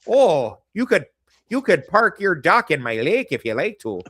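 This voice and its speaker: A man's voice: sits high, sing-song, a little slow, very noisy, pitched above the performer's own voice. A man voicing a flirty, folksy Midwestern woman with an exaggerated American Midwestern accent.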